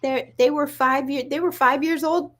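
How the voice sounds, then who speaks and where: An older woman hosting a casual chat, chatty and gently amused. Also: high voice, steady tone, moderate pace.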